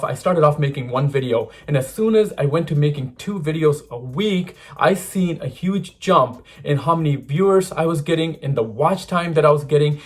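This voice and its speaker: Upbeat husky-voiced man giving advice. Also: a little high. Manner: upbeat, chatty, keeps calling viewers "guys". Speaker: YouTube channel host giving advice. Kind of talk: casual direct-to-camera advice.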